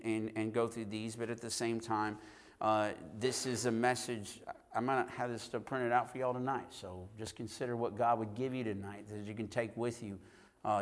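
A man preaches in an earnest, searching way, often doubling back on his words and restarting. His voice sits at a middle pitch. It carries a long reverb from a church hall. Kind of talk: sermon.

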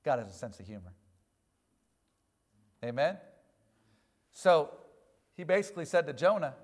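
A man's voice: a little high, big pitch swings, a little slow, long pauses. A male pastor preaching a sermon, quoting scripture and asking the congregation for amens. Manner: preachy call-and-response with frequent "amen"; quotes scripture in old King James wording.

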